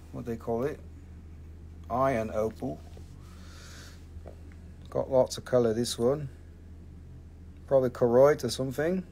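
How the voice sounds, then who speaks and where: Middle-aged male host for a live shop sale: casual, profane, rambling, faint room noise. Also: medium pitch. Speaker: host selling rocks and minerals on a livestream. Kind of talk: casual live sales chat. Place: family-owned rock and mineral shop.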